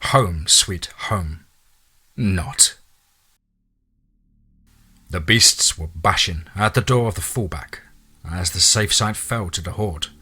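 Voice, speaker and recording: A man narrating a monster horror story in a steady, dramatic reading. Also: low voice, slow, long pauses, breathy edge.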